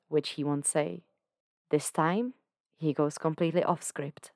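A woman with a low voice reads fan fiction aloud for a podcast at an unhurried pace. Her narration is calm and measured. The recording is dry and close, with no room around it. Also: no room sound. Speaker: podcast fanfiction reader.

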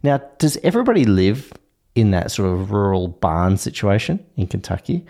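A man hosts a casual podcast chat in a fairly low voice. He talks playfully, hesitating and trailing off into fillers as he goes. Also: big pitch swings, normal speed, gravelly, dark tone. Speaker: podcast host.

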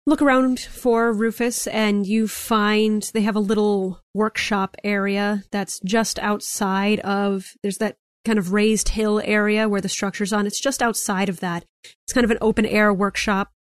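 A woman's voice: mid-range voice, level tone, measured pace, dry recording. A young woman runs a tabletop game, walking the players through each scene in loose, descriptive detail. Her voice sits mid-range and is recorded dry and close. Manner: descriptive, hedging with "like" and "kind of". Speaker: game master.

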